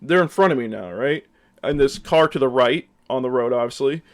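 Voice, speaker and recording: A man's voice: medium pitch, a little fast. Young man rambling through a storytime. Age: young adult. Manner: rambling, heavy use of fillers; animated, acts out his own past lines. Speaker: storyteller vlogger. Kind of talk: casual storytime.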